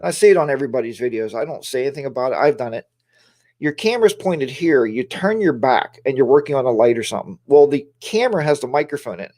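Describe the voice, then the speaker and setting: A man's voice: medium pitch, expressive, fast, a little mellow. A man hosting a casual livestream, talking in a rambling, chatty way and greeting viewers by name, on a lapel mic in a home studio. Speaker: livestream host.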